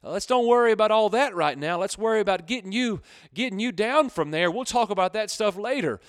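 A calm, reassuring God, voiced by a man. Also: high voice, measured pace, no echo, clean studio sound. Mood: firm. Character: calm, patient God speaking from everywhere.

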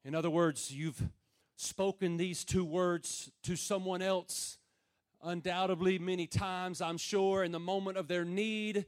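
High-voiced preacher, quiet to shouting. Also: male voice, steady tone. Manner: swings from quiet and slow to loud, shouted emphasis. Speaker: pastor. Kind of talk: sermon.

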